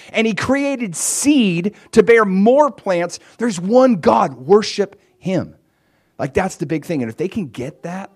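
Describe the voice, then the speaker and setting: A man preaching a sermon in an animated way, acting out quoted voices as he retells stories. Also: high voice. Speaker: pastor.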